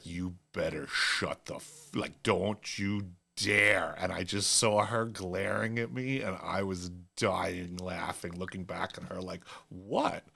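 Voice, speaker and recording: Lowish voiced guy rambling thru a funny story, keeps laughing. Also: vocal fry, fairly bright tone. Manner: rambling, laughs at his own stories. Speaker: show host. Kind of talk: casual storytelling.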